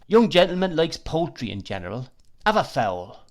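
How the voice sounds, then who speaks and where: Guy voicing a pushy waiter, high and loud, wheedling a young guest in a storybook reading. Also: big pitch swings, normal speed. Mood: coaxing. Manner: chummy and coaxing, pushing his own suggestions. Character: familiar, insinuating male London inn waiter.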